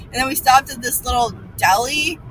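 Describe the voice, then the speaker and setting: A young woman chatting casually, animated and full of "like"s as she quotes people. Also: high-pitched, normal speed, recorded from a distance, a little hiss or hum, rough recording. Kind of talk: casual storytelling chat.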